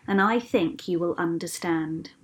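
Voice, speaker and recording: A woman voicing Jesus as a calm, kindly male teacher in a read-aloud storybook, speaking gently and patiently. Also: on the low side, unhurried, lightly acted. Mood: gentle.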